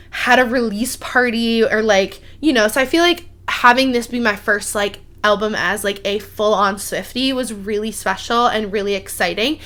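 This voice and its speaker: A woman in her twenties hosting a casual solo podcast, chatting in a gushing, filler-heavy way with lively jumps in pitch. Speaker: podcast host.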